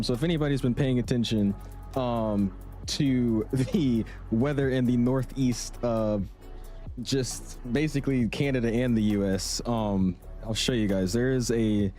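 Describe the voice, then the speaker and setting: A man's voice: mid-range voice, dark tone. A young man streaming a flight sim, chatting casually and greeting viewers by name. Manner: laid-back, greets chat by name. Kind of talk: casual live-stream chat.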